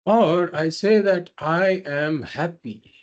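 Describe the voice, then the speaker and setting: A man's voice: fairly high pitch, takes it slowly, dull audio. A man teaching a spiritual philosophy class, explaining patiently and repeating points through simple examples. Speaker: Vedanta teacher.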